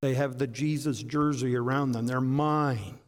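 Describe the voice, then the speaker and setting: A man's voice: medium pitch, fairly even intonation, measured pace. A man preaching a sermon with dramatic emphasis and rhetorical questions. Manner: dramatic, rhetorical questions, swings between loud bursts and hushed asides.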